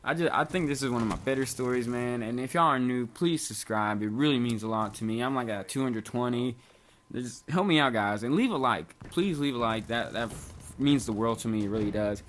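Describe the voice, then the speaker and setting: A man in his twenties telling a story in a casual vlog, animated and swearing a lot. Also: medium pitch, a little hiss or hum. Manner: rapid, animated, heavy swearing. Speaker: vlogger.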